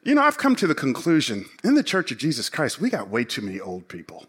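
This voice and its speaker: A middle-aged man, a pastor, preaching a sermon in an animated, joking way. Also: medium pitch, fast, breathy edge.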